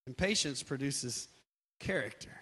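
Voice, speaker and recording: A man preaching a sermon, moving from quiet, conversational passages to loud, drawn-out emphatic lines. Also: medium pitch, expressive, husky. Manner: builds from quiet to shouting, dramatic slow emphasis. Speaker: pastor.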